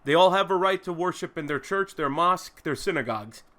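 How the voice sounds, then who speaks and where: A man's voice: on the high side, expressive, a little fast, pushed and bright. A man hosting his own show, delivering an emphatic, indignant commentary rant with profanity and long strings of repeated phrases. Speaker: host. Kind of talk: ranting commentary monologue.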